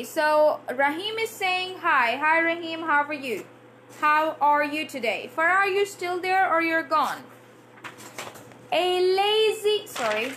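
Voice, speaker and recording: A woman's voice: high voice, a bit bright, slight background noise. A woman English trainer and IELTS coach giving a live-streamed Q&A lesson, drilling tongue twisters aloud and answering viewer comments.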